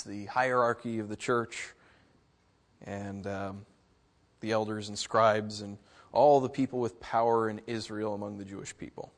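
A middle-aged man preaching a sermon, telling a childhood story with lively, animated delivery and mimicking other voices. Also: lowish voice. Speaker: pastor. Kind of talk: sermon with personal stories.

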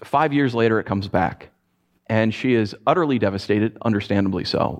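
A man's voice: lowish voice, normal speed. A man preaching a sermon as a pastor, telling stories and acting out his own frustrated voice. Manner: animated storytelling, acts out his own frustrated voice.

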